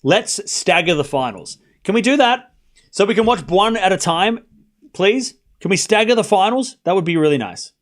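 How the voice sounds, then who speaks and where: High-voiced excitable male tennis streamer. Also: normal speed. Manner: excitable, talks straight to chat, bursts of shouting at big points; casual and chatty, with slang and asides. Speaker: streamer doing live tennis commentary. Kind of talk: live watchalong play-by-play commentary.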